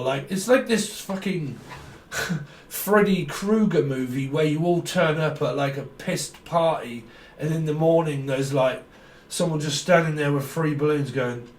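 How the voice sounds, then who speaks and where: A man giving a rambling, free-associating tarot reading, swearing and laughing as he goes. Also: on the high side. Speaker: tarot reader. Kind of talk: stream-of-consciousness intuitive reading. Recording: echoey room, mic far off.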